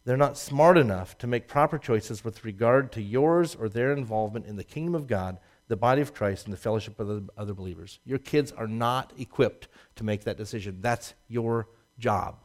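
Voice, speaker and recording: A man preaching a sermon, swinging from loud emphatic rises to low asides and laughing at his own jokes. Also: moderate pace, few pauses. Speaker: pastor.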